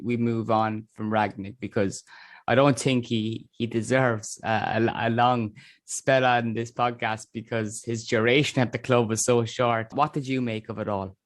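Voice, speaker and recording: A man hosting a casual podcast chat, talking in a measured way with frequent restarts. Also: mid-range voice, no room sound. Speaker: podcast host.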